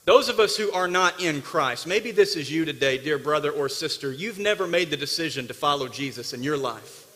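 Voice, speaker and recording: A man preaching a sermon, his voice high and bright with a sharp edge. He swings from forceful bursts to quiet, intimate asides. The sound carries a long echo, as if it fills a church hall. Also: expressive, fairly quick. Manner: emphatic preacher, swinging between loud bursts and hushed asides. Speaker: pastor. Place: church sanctuary.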